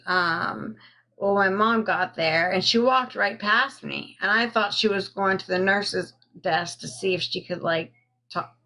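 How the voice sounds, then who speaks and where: A woman telling a personal story on a live stream into a phone, halting with frequent pauses and fillers, stopping to thank viewers. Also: mid-range voice, pushed and bright. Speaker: livestreamer telling her own story.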